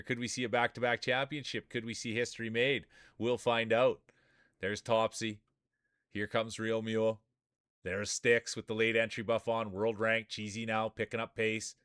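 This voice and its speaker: A man's voice: mid-range voice, a bit bright, smooth, dry recording, studio quality. A man streaming live, doing playful, joking play-by-play commentary on marble races and chatting with viewers.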